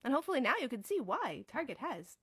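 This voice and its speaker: A woman's voice: sits high, big pitch swings, fast, a bit bright, husky, no echo. A woman giving tongue-in-cheek film commentary in a wry, playful and emphatic way.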